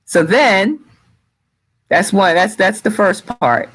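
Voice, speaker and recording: A man hosts a casual live chat over a video call. His speech is halting and distracted, with frequent restarts and pauses. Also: high voice, lively intonation, fairly bright tone, slightly rough, low-quality recording. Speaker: show host sharing his screen.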